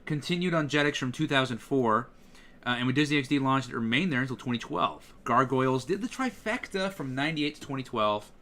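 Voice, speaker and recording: A man's voice: medium pitch, a little fast. A man, a voice actor, chatting casually while streaming a game and demonstrating voices. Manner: animated, slips into voices to demonstrate.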